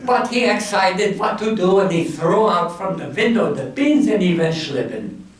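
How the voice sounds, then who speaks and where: High, lively, slow-telling jokey storyteller man. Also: crowd noise. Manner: jokey, punning, slow and drawn-out. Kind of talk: comic bedtime story telling. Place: community hall. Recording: echoey room, mic far off.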